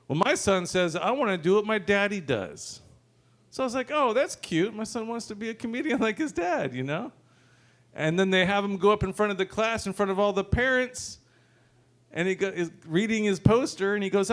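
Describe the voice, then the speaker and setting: High-voiced man doing stand-up. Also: fairly bright tone. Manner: loose, joking, swearing, chuckles between lines. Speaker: stand-up comedian and open mic host. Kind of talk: stand-up comedy set. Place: brewery open mic stage.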